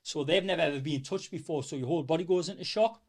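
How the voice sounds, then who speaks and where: A middle-aged man with a North East English accent, telling his story in a rambling, animated way as a podcast guest. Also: a little high, quick pace. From North East England. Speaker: small business owner, podcast guest. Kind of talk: casual storytelling interview.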